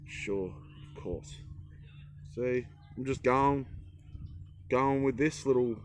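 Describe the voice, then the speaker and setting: A man's voice: mid-range voice, slow, a little hiss or hum. A man chatting casually in a vlog, rambling and poking fun at himself while he cooks outdoors. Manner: rambling, self-mocking, jokey. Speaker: travel vlogger. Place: outdoors in a forest.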